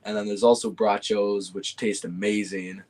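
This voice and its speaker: A young man talks in an easygoing, unhurried way, his voice sitting on the low side. He hesitates often, stacking fillers and restarting sentences as he chats. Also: level tone, a little mellow. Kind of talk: casual chat.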